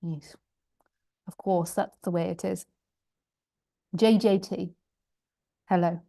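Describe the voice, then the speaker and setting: A woman spiritual teacher on a live stream reads viewer questions aloud in a chatty, self-deprecating way, often laughing and tripping over long sentences. Her voice is on the low side and warm, with vocal fry. She keeps a steady tone and takes it slowly.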